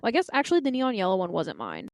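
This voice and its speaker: A woman's voice: mid-range voice, wildly swooping pitch, racing, dry recording. Blunt, wry young woman, dry sound. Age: 20s. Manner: blunt, wry, swears casually. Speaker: podcast co-host. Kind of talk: casual chat.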